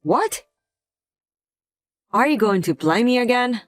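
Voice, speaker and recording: A woman's voice: fairly high pitch, big pitch swings, takes it slowly, no room sound. A woman voicing a resentful adult husband who talks in a curt, contemptuous way in a scripted drama.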